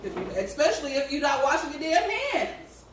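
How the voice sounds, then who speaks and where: Expressive woman in a very echoey room. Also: brisk. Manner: expressive, laughing, quotes others in a high voice. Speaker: podcast co-host. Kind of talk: casual chat. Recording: very echoey room, distant mic, faint noise.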